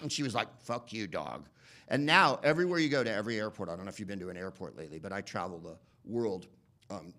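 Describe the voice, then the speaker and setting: A man doing stand-up comedy, rambling and profane, slipping into quick voice impressions. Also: medium pitch, fairly bright tone. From United States. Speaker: comedian and podcast host.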